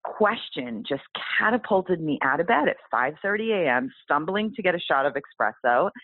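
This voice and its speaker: A woman guest telling her story in an interview, animated and exclaiming. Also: sits low, moderate pace, no room sound. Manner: animated, exclaiming, acts out quoted voices. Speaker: guest author. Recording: tinny phone-like line.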